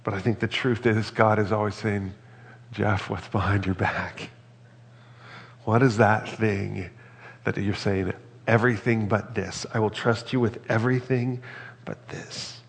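A male pastor preaches in an earnest, reflective way, with a low, gravelly voice. His words ring out with a long reverb, as if he were in a large hall. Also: steady tone, unhurried. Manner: earnest, reflective, reads scripture aloud. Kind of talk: sermon.

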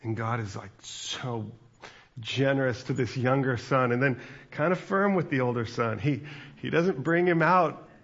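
A man's voice: mid-range voice, measured pace, lo-fi sound. A man in his forties, a pastor, giving a chatty sermon with asides to the congregation.

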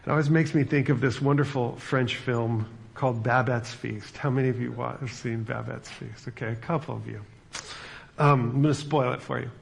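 A man's voice: mid-range voice, fairly even intonation, moderate pace, creaky, slight background noise. A middle-aged male pastor giving a sermon, retelling a film story in a loose, chatty way with lots of fillers. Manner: casual storytelling with many fillers.

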